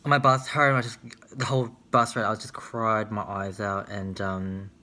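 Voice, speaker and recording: A man's voice: on the low side, flat delivery, moderate pace, sharp tone. A young man, telling candid dating stories in a casual, chatty vlog with lots of filler words. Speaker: vlogger.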